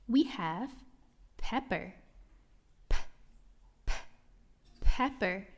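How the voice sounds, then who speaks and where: A woman's voice: on the high side, darkish tone. A woman teaching a children's phonics lesson, sounding out letters carefully and giving cheerful praise. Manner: slow, cheerful, exaggerated praise for kids. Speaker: reading teacher for young children.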